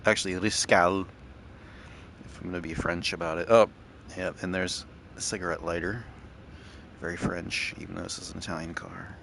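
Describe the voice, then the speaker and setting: A gaming channel host rambles and thinks aloud casually while playing a driving game. His voice is low, creaky, and a bit bright, with a little hiss or hum in the recording.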